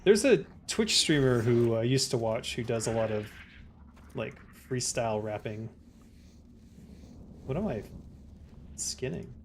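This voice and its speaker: A man streaming a game live, chatting casually and answering his chat in a relaxed way. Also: mid-range voice, measured pace, pauses often, slight background noise.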